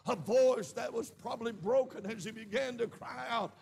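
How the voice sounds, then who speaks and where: A man with a Southern American accent preaching a sermon in a church, with shouted peaks and frequent amens. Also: very high voice, normal speed, gravelly, a little hiss or hum. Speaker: pastor. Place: church sanctuary.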